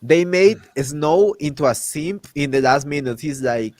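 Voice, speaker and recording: A man hosting a casual chat, ranting in an animated way and acting out characters' lines with exaggerated voices. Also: on the high side, unhurried, no echo. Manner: loose, repetitive restarts while ranting. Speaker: podcast host.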